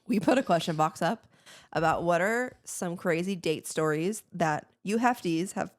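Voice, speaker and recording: A young woman co-hosting a podcast in casual chat, reading listener stories aloud in a quick, chatty way. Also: fairly low pitch, dry recording, clean studio sound. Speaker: podcast co-host.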